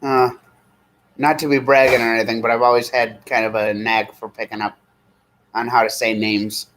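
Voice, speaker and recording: Man, 30s, relaxed streamer host, loose chatty delivery, medium voice. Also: mid-range voice, slight background noise, rough recording. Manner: rambling, easygoing, slow when reading names aloud. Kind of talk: casual live-stream chat.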